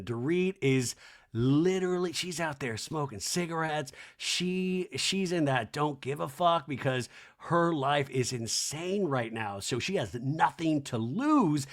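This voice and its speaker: A man hosting a podcast, recapping reality TV in a chatty, animated, profane way. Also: fairly high pitch, unhurried. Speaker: podcast host.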